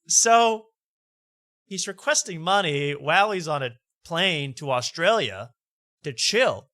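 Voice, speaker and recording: A man with a bright, edgy voice hosts a late-night comedy talk show. He mocks what he reads aloud and laughs often. The sound is dry and close. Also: on the high side, expressive, slow pace, no echo. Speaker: host.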